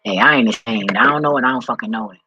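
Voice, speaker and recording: A man talking off the cuff in a vlog, rambling and excitable, swearing often as he reads and reacts. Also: lowish voice, very fast, muffled recording, slight background noise. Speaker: vlogger.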